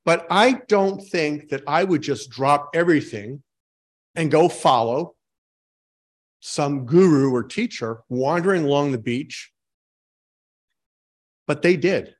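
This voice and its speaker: Male pastor with a somewhat high voice; informal, joking, talks with his congregation rather than at them. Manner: informal, asks the congregation questions, self-mocking jokes. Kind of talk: conversational sermon.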